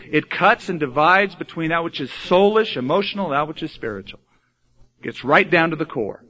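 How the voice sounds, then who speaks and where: A man with a slightly high voice preaches an animated sermon, acting out the voices of the people he quotes. The recording has a lo-fi sound.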